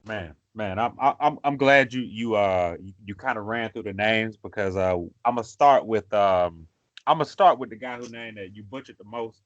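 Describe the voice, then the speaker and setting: A man's voice: fairly low pitch, normal speed, no room sound, dull audio. A man co-hosting a casual sports chat, laid-back and full of fillers. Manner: laid-back, filler-heavy, calls people bro. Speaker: sports podcast co-host.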